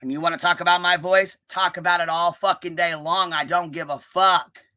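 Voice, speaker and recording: A woman hosting a live stream, ranting and calling people out in a combative, profanity-heavy way, with a notably low, bass-heavy voice. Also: fairly even intonation, moderate pace, sharp tone. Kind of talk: live-stream commentary rant.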